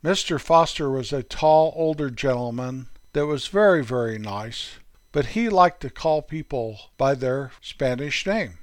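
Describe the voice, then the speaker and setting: A man hosting a podcast, telling corny puns and comic stories in a deadpan way. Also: mid-range voice, a little slow, no echo. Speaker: podcast host. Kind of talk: comic storytelling.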